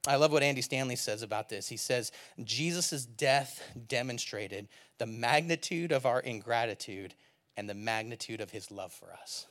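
A man preaching a sermon, moving between quiet, low asides and loud, emphatic passages while reading scripture aloud. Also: expressive, normal speed. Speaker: pastor.

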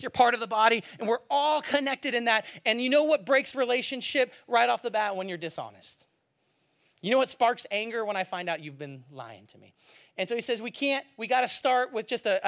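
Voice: medium pitch, fairly bright tone. A pastor preaching a sermon with rising passion, building to fiery emphasis and then settling back.

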